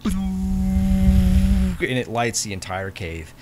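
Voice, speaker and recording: A man narrating a tabletop game as game master, animated and storytelling. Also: high voice, drawn-out words, a little hiss or hum.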